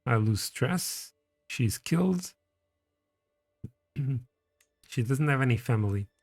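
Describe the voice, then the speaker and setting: A man's voice: medium pitch, expressive, takes it slowly, darkish tone, dry recording, soft background music. A man casually commenting on his strategy game and reading its text aloud as he plays. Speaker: streamer playing a strategy game.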